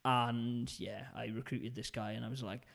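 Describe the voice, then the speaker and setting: A man's voice: mid-range voice, steady tone, moderate pace, vocal fry, fairly bright tone. A man with a Welsh accent, co-hosting a casual gaming podcast, rambling through stories. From Wales. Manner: rambling, chatty storytelling. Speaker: podcast co-host. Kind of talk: casual chat.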